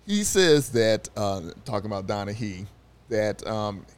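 Man, newspaper reporter guest, studio podcast, lower pitch, animated storytelling. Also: measured pace, clear, resonant tone. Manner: storytelling, animated, with restarts and fillers. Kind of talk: casual sports podcast chat.

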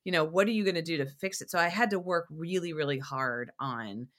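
A young woman talks on a podcast, her voice bright and forward, set a little low for a woman. She tells her stories in an animated way, with many fillers and restarts. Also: a little fast. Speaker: podcast guest. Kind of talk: casual interview chat.

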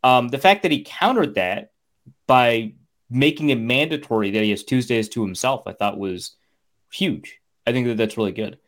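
A man's voice: medium pitch, moderate pace. A man co-hosting a sports podcast in casual chat, rambling with fillers and restarts and acting out quotes. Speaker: podcast co-host.

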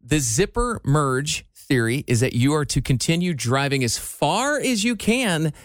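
A man's voice: fairly high pitch, big pitch swings, a little slow, dry recording, studio quality. A man co-hosting a casual radio show, chatting playfully and telling stories at an easy pace. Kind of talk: casual morning show chat.

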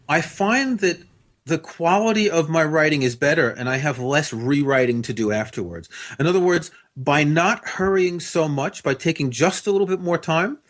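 A man's voice: a little high, fairly bright tone. A man with a General American accent, a guest patiently explaining things step by step in an interview. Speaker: guest expert.

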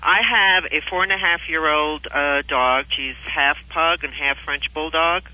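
A woman from New York calls into a radio show with a question, polite and hesitant. Her voice comes through very bright and dry, like a phone line. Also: low-pitched, steady tone, a little slow, no echo. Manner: polite, hesitant, with light laughs. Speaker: caller. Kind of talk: call-in question.

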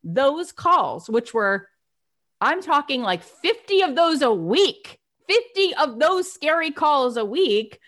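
A woman's voice: sits high, big pitch swings, takes it slowly, fairly bright tone. A woman hosting a podcast, telling a motivational story about her past work and acting out old phone calls. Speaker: podcast host.

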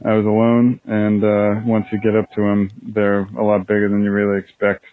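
A man calls in over a thin, phone-like line, telling his story in a low, monotone voice. He is matter-of-fact and halting, and the line is dry and close. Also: no echo. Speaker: caller.

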